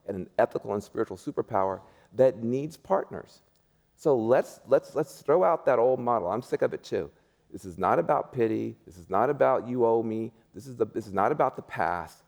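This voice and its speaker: A man's voice: mid-range voice, vocal fry, darkish tone. A man speaking as a panel guest, emphatic and rousing, repeating his points like a preacher. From United States. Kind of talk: panel discussion.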